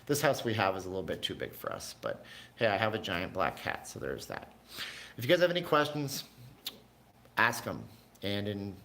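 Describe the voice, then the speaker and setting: A man originally from Canada hosts a relaxed livestream from his home, drifting from one thought to the next as he answers his viewers. His voice sits on the low side, with a faint hiss behind it. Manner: rambling, chatty, answers viewers' chat. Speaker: livestream host. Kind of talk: casual livestream chat.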